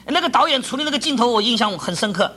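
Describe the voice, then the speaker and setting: A man telling his own story as a testimony, pausing for an interpreter, animated and laughing as he acts out the scenes. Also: very high voice, slight background noise.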